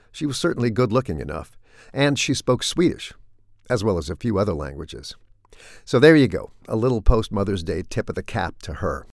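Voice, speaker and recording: A middle-aged man with a low, gravelly voice reads his comic commentary in a wry, deadpan way. He sounds close and dry, with no room around him. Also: no room sound. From United States. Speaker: commentator hosting a weekly segment.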